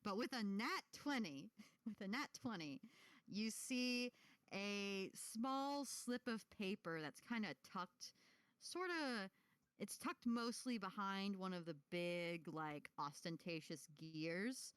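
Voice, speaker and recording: A woman running a tabletop game as game master, narrating haltingly with many fillers and giggles. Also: medium pitch, animated, fairly bright tone, clean tone, dry recording. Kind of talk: casual tabletop role-play narration.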